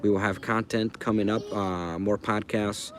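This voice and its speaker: A man's voice: fairly low pitch, steady tone, moderate pace, noisy background. A man hosting a livestream outdoors, rambling casually and answering viewers in chat by name. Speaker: livestream host. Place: outdoors by a fire.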